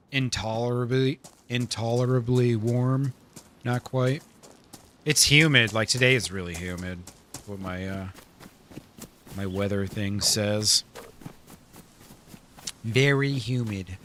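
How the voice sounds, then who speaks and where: A man's voice: lowish voice, bright, forceful tone, a little hiss or hum. A man live-streaming a survival game, chatting casually with his viewers, laid-back, laughing often and swearing freely.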